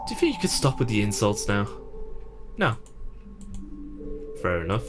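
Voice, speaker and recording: A man's voice: on the low side, huge pitch swings, moderate pace, long pauses, music in the background. A man voicing the player character in a fan reading of a game, blunt and accusing.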